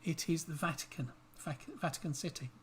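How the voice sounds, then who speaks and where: A man's voice: on the high side, brisk, fairly bright tone, slight background noise. A man hosting a casual online quiz night, reading questions aloud and teasing his co-host between them. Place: home livestream.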